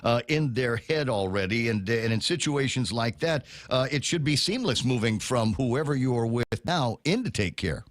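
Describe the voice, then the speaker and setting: A male morning radio host talks loosely, joking and rambling with lots of fillers. His voice sits at an ordinary pitch. The sound is dry and close, with no room around it. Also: lively intonation, moderate pace, hardly any pauses, no echo. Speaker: radio talk show host. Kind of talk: casual radio talk. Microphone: studio microphone.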